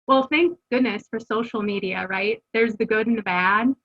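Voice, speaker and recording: A woman's voice: a little high, normal speed, a bit bright, lo-fi sound. A middle-aged woman telling her family's story as an interview guest, earnest and conversational, with fillers and restarts. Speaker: guest, homeschooling mother. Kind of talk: candid personal storytelling.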